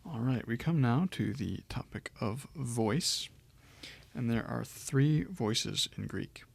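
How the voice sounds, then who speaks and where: A man's voice: mid-range voice, lively intonation, takes it slowly, creaky, husky. A man teaching Greek grammar in a recorded lecture, explaining step by step with frequent ums and restarts.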